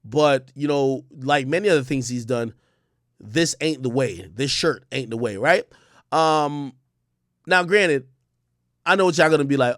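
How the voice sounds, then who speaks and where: A man's voice: medium pitch, unhurried, a bit bright, dry recording, studio quality. A man giving casual livestream commentary, emphatic and profane, often repeating words and restarting sentences. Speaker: streamer and commentator.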